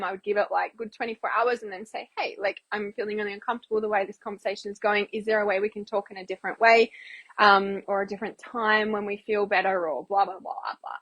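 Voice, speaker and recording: A woman's voice: medium pitch, fairly bright tone. A woman hosting a casual livestream Q&A as an intuitive healer, chatting loosely and acting out little quoted exchanges.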